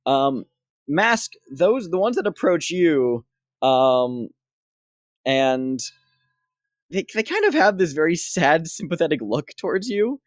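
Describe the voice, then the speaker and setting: A woman's voice: sits low, big pitch swings, slow, no room sound, studio quality. A woman narrating a tabletop game as dungeon master, rambling with many fillers.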